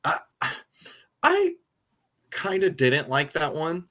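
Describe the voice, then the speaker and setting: A man co-hosting a podcast in casual chat, excitable and amused as he talks. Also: on the high side, slow. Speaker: movie review podcast co-host.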